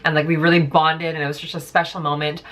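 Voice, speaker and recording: A woman's voice: deep voice, level tone, fast talker, fairly bright tone. A young woman telling a storytime vlog in a chatty, casual way, full of "like" and "um". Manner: chatty, filler-heavy, lots of "like". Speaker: vlogger.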